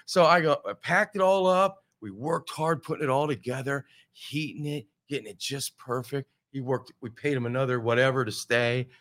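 A middle-aged man telling road stories in casual chat, animated and blunt, swearing and acting out what others said. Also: mid-range voice, normal speed, few pauses. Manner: animated, acts out quoted voices, swears.

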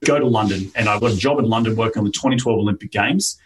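An upbeat Australian entrepreneur in his thirties talks rapidly in a lowish voice as a podcast interview guest, telling his story chattily and laughing easily. The recording has some hiss or hum, and he sounds a little distant from the mic.

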